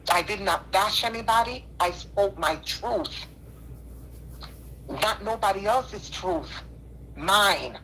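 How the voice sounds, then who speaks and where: A woman's voice: on the low side, a bit bright, slight background noise. A tearful woman calling in on a phone line, talking in an earnest, repetitive, preacherly way. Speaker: caller. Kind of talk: emotional call-in apology.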